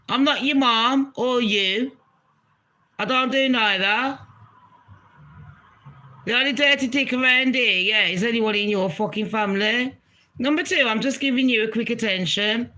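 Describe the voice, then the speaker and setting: A woman's voice: fairly high pitch, sharp tone. A woman livestreaming and ranting to her chat in a blunt, profane, mocking way. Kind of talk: casual livestream rant to chat.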